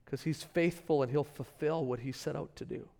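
A middle-aged man preaching a sermon as pastor, telling stories in a conversational way with lively rises in pitch and loudness. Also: moderate pace. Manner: conversational storytelling, animated rises in pitch and volume.

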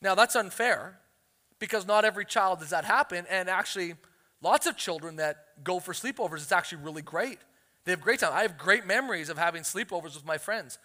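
High, bright-voiced man preaching. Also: fairly quick. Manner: animated storytelling, acts out quotes. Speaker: pastor. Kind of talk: sermon. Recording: long hall reverb.

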